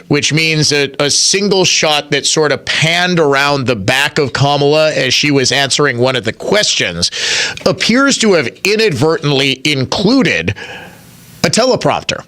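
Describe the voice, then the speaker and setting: A man's voice: fairly high pitch, pushed and bright. A male talk radio host giving opinionated political commentary in a conversational way, arguing his points and speaking directly to his listeners.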